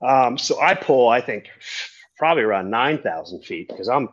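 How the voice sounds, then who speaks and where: A man's voice: medium pitch, animated, normal speed, lo-fi sound. A man, a tandem skydiving instructor telling a story in a casual, rambling chat and swearing freely.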